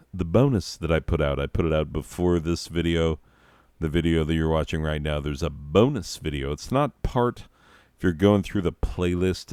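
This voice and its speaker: A male comedy host with a deep, smooth voice talks slowly, in a profane and rambling way. He keeps cutting into his own sentences. The sound is dry and close to the mic. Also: a little mellow, no room sound. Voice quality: profane, rambling, self-interrupting.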